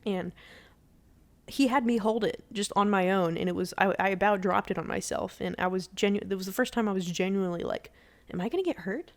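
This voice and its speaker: A woman's voice: mid-range voice, fairly even intonation, fairly quick. A young woman talks casually from her bed while she plays a game for her vlog. She tells a rambling story, restarting her sentences and slipping into the voices of the people she quotes. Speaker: gaming vlogger. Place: in bed at home.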